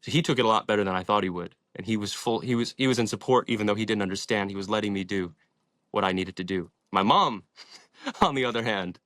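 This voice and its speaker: A man's voice: on the low side, fast talker, a bit bright, no room sound. A young man in his twenties, a podcast guest, telling his story in a passionate, inspirational way and swearing freely. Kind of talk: casual storytelling in an interview.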